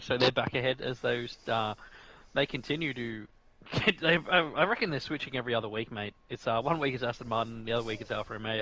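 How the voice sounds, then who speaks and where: A man's voice: mid-range voice, sharp tone, low-quality recording. A man with an Australian accent doing casual live commentary on a sim racing league, laughing and bantering as he runs through the grid.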